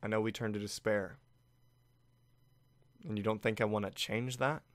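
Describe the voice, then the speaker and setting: An earnest young hero, as a man reads him speaks quietly and sincerely. The delivery stays low and subdued, close to the man's own voice. The sound is dry. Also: steady tone, moderate pace, no echo, natural voice. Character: earnest young man pleading to set things right.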